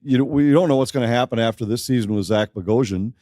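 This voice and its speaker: A man who works as a hockey broadcaster, giving measured, agreeable opinions as a guest on a live podcast. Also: mid-range voice, dark tone, no echo, clean studio sound. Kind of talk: casual chat before a live audience. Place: live podcast in front of an audience.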